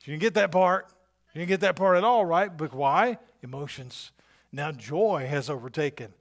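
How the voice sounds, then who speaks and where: A middle-aged man preaching a sermon as a pastor, talking conversationally with frequent tag questions and swinging between near-whispered lines and loud, emphatic bursts. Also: on the high side, expressive, normal speed.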